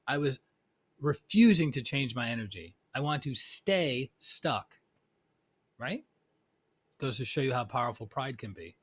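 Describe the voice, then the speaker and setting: A man's voice: medium pitch, a bit bright. A middle-aged man, a spiritual teacher, telling a personal story in a conversational talk and often checking in with "right?". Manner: conversational, keeps asking "right?".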